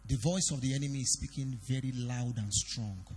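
A pastor preaching a sermon in a church hall, swinging between loud declarations and quiet confiding. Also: male voice, medium pitch, fairly quick, breathy edge. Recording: long reverb of a church hall.

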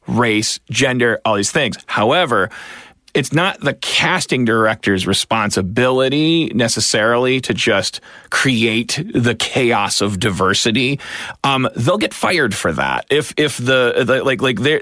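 Rambling man on a podcast, bright dry voice. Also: medium pitch, dry recording. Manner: rambling, many restarts and fillers; ranting, self-mocking. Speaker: podcast co-host. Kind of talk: casual chat.

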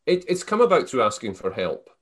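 A man's voice: medium pitch, brisk, slightly rough. A Scottish man being interviewed, telling stories casually with frequent restarts and fillers. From Scotland. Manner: storytelling, animated, many restarts and fillers. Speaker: guest.

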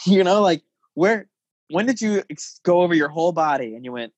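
A man hosting a casual podcast chat, joking and animated, laughing often. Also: high voice, normal speed, breathy edge, no room sound. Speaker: podcast host. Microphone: podcast mic.

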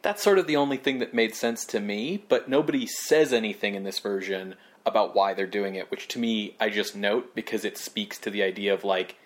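A man's voice: lowish voice, fairly quick, few pauses. A man co-hosting a podcast, musing about a film in a chatty way with lots of "like" fillers and wry asides. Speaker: podcast co-host. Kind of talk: casual chat about a film.

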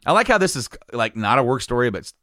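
A man's voice: mid-range voice, very animated, fast, bright, forceful tone, no echo, studio quality. A man telling a long personal story in casual chat, rambling and restarting sentences, laughing often. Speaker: podcast guest telling a story.

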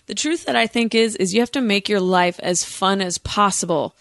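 A woman hosts a loose comedic chat, teasing her callers bluntly and laughing along. Her voice sits at a middle pitch in a dry, close recording. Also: moderate pace, gravelly, fairly bright tone, no echo. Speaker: host.

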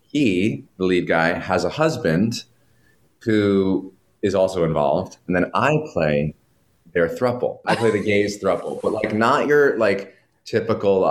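A man, a guest from New York, telling animated stories in casual chat and swearing freely. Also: deep voice. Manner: animated storytelling, heavy swearing, quick asides.

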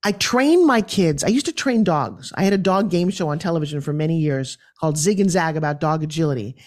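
This is a woman in her fifties speaking as a guest on an interview show. She talks in an animated, storytelling way, jumping up and down in pitch as she voices the people in her anecdotes. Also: brisk. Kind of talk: conversational storytelling.

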